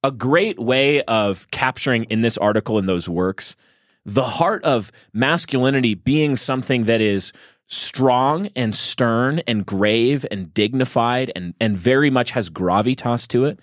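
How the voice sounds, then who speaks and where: A man co-hosting a podcast speaks in a mid-range voice at a slightly slow pace, recorded in clean studio quality with no room sound. In this casual discussion he talks enthusiastically, muses aloud, and frequently restarts his sentences.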